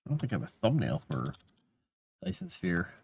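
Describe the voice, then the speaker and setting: A man's voice: sits low, huge pitch swings, moderate pace, a little mellow, husky, dry recording. A man rambling casually on a livestream, chatting to his cat between thoughts.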